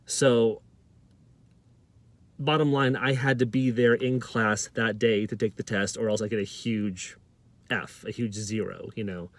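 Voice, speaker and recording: A man's voice: on the low side, fairly even intonation, measured pace, no echo. A man vlogger telling a personal story to camera, often stammering and repeating words.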